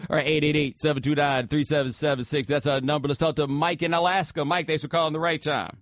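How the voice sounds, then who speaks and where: A man's voice: a little high, level tone, fast talker, fairly bright tone, dry recording, studio quality. A man hosting a sports talk radio show, taking callers in a casual, slangy way. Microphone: studio microphone.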